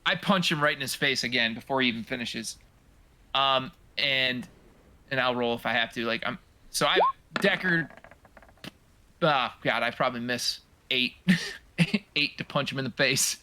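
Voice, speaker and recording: A man's voice: medium pitch, moderate pace, pauses often, pushed and bright. A man playing a tabletop game in a casual, easygoing way, laughing often. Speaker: player.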